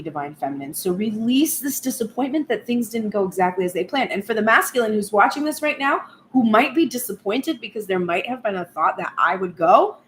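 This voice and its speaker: A woman tarot reader speaking reflectively and earnestly at length in a spoken tarot reading vlog. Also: on the high side. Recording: echoey room with faint background noise.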